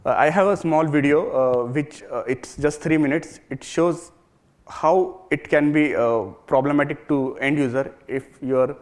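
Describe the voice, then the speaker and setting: Halting man giving a tech talk. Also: fairly high pitch. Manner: halting, with many fillers and restarts. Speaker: conference presenter. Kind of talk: technical talk.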